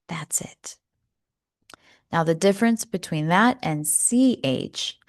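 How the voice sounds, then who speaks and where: Slow, careful American woman teacher. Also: mid-range voice, a little mellow. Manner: slow, careful, drawn-out model sounds. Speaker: pronunciation teacher. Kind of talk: slow instructional demonstration.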